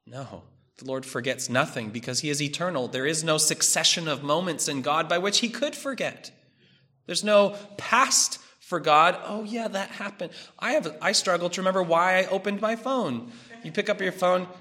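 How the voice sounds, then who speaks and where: A man preaching a sermon, measured and emphatic, building through repeated phrases. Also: fairly high pitch, sharp tone.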